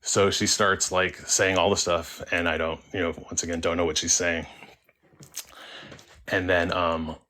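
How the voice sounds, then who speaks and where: A young man casually telling a first-person story as a caller, halting and restarting with many likes and ums. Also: sits low, little pitch movement, pushed and bright.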